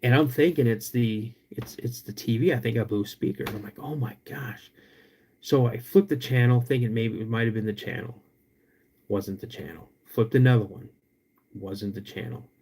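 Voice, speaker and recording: A young man with a drawl tells a story on his podcast. He stretches out the tense moments, then jumps into sudden loud bursts as he relives what he saw. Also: mid-range voice. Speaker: podcast host.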